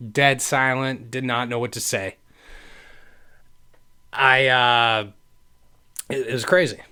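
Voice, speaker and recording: A man's voice: medium pitch, sharp tone, clear, resonant tone. A man in his late twenties hosting a podcast, telling a personal story in an earnest, rambling way and speaking straight to his listeners. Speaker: podcast host.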